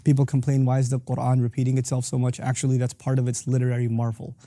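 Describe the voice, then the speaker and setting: A middle-aged man teaching a lesson on Quranic verses as host of his series, talking rapidly and breaking into quick Arabic recitation. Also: mid-range voice, completely flat delivery, dark tone, no room sound.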